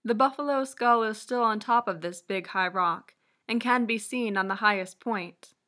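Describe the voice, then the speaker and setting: Female narrator, bright tone, measured scripted reading of a legend. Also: medium pitch.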